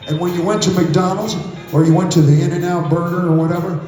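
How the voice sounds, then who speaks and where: Here the same onstage banter comes in a high-pitched, darkish voice with a flat, slightly fast delivery, as an older man spins profane, theatrical tales between songs. It's captured through a handheld mic in a big concert venue, with echo, band music, and crowd cheers around him.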